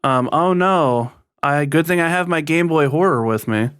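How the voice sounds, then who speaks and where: A man's voice: fairly high pitch, normal speed, fairly bright tone, clear, resonant tone, dry recording, natural voice. Luigi, as a man jokingly impersonates him. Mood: jokey, jittery. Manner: casual, jokey impression close to his own voice. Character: Luigi, nervous young adult plumber man.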